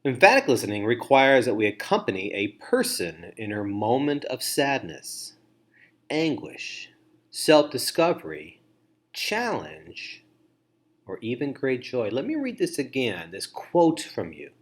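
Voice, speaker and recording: A man's voice: medium pitch, wildly swooping pitch, measured pace. A man giving a training lecture on listening to foster parents, repeating key phrases and acting out example remarks.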